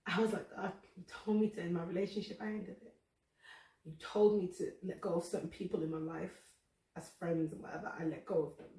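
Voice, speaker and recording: A woman's voice: fairly low pitch, fairly even intonation, fairly quick, dark tone. A woman hosting a faith podcast, talking candidly and emotionally about her personal struggles. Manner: earnest, emotional, confessional. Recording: roomy echo, distant from the mic.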